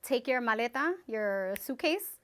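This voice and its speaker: A woman co-hosting a podcast, chatting casually and laughing easily as she tells relaxed stories. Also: a little high, measured pace, clean tone. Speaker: podcast co-host. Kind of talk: casual chat.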